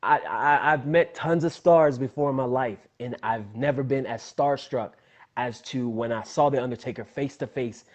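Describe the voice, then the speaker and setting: A man's voice: mid-range voice, normal speed. A young adult man, a wrestler, telling a story in a casual interview and acting out the voices in it. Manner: animated storyteller, acts out his own voice and others in quotes. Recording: dull lo-fi sound.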